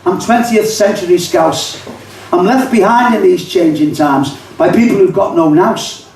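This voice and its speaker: A man's voice: high voice, unhurried, gravelly, a little mellow, slight background noise. An older man with a Liverpool accent, reciting rhyming poems at a live pub reading with chatty asides. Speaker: poet and songwriter. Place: pub function room, live audience. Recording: echoey pub, mic far off.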